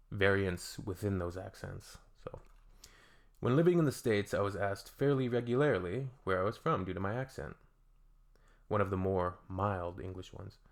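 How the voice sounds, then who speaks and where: A man's voice: sits low, creaky. A Canadian man hosting a reaction video, reading comments aloud and adding dry, joking asides in a casual tone.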